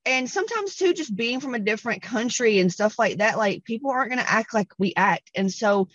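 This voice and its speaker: A woman's voice: fairly high pitch, expressive, fairly quick, fairly bright tone, no room sound. A woman from the American South with a Southern accent tells a story on her own podcast. She is blunt and profane, and she puts on voices when she quotes people. The recording is dry and a little dull. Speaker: podcast host. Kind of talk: casual storytelling monologue.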